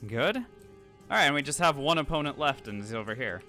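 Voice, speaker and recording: A streamer's expressive, mid-range voice, brisk, pushed, and bright, runs over soft background music during his live challenge run. He talks through his moves and thanks viewers in a chatty, rambling style packed with fillers and restarts.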